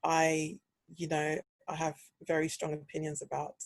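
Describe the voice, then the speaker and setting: A woman's voice: deep voice, completely flat delivery, moderate pace, dry recording. A young British woman hosting a podcast, telling a story in casual chat and acting out the quoted dialogue. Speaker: podcast host.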